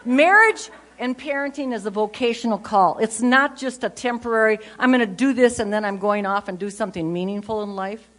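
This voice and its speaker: An older woman giving a humorous faith talk at a conference, an animated storyteller who jumps between loud bursts and low asides. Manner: animated storyteller, quick jokes, voices her kids and others. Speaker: conference speaker.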